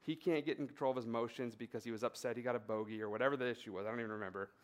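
A man in a mid-pitched voice giving a conversational sermon, telling a personal story with fillers and building emphatic repetitions. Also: steady tone, racing. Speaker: pastor.

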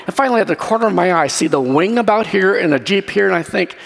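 A man preaching a sermon as pastor, telling a story in a lively way and acting out scenes. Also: high voice, fast talker, gravelly. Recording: long hall reverb.

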